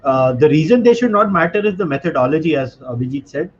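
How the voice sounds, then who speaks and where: A man appearing as a podcast guest, explaining his view in a measured way. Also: a little high, expressive. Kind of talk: opinionated commentary. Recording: dull lo-fi call audio with faint hiss.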